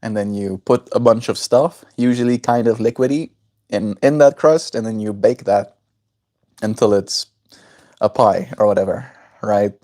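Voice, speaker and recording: A man's voice: lowish voice, moderate pace, mellow. A man from South Africa chatting casually on a livestream, rambling and answering chat messages aloud.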